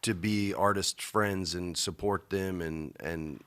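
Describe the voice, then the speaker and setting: A man hosting a podcast in casual chat, an animated storyteller who acts out the people in his stories. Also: low-pitched, slow, clean tone. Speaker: podcast host.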